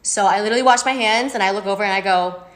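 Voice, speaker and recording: A woman telling a casual anecdote in a matter-of-fact, deadpan way. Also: mid-range voice, racing. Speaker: storyteller.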